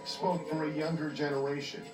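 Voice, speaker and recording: A man reads documentary narration in a measured, even way. His voice sits back from the mic in a roomy space, with music playing clearly underneath. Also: on the high side, far from the mic. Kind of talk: scripted narration.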